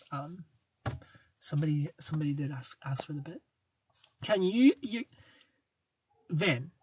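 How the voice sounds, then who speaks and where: Young guy w a slightly higher husky voice, goofing around on a livestream, dry close sound. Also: no echo. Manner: playful, joking, greets viewers by name. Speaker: livestream host reading chat. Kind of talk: casual livestream chat.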